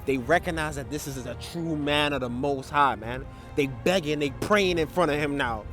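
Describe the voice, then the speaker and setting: Dude breaking down bible stories, kinda high voice, keeps tagging stuff on, faint music behind. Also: male voice, moderate pace, hardly any pauses, a bit bright. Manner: loose and conversational, full of filler tags and restarts, reads scripture aloud. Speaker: Bible teacher. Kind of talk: casual Bible study talk.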